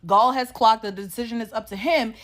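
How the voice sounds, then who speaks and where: A woman giving a chatty, opinionated recap of a reality show, her voice sitting a little high. She talks in a sassy, animated way, swears freely and laughs often. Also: a little fast. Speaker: recap vlogger.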